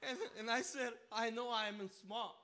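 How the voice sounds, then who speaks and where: A man preaching a personal testimony to a church, emotional and full of repeated words and restarts, rising to near shouting at the high points. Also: steady tone, normal speed. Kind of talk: sermon testimony. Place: church sanctuary.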